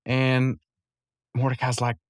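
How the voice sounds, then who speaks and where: A man's voice: mid-range voice, completely flat delivery, slow, no room sound, studio quality. A man recapping a cartoon episode in a rambling, casual way, chuckling often and full of fillers. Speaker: podcast host.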